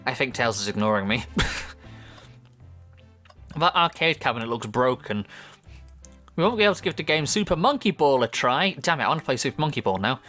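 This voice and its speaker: Male gaming host, mid pitch, reads game text aloud with playful asides, faint music behind. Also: animated, a little fast, long pauses, bright, forceful tone. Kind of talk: reading game dialogue aloud with commentary.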